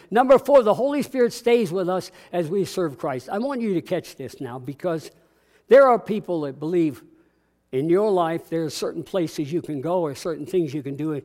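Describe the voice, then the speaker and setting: Male pastor, higher-pitched voice, folksy call-and-response sermon in a church. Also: a little mellow. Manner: conversational preaching with call-and-response, acting out dialogue. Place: church sanctuary.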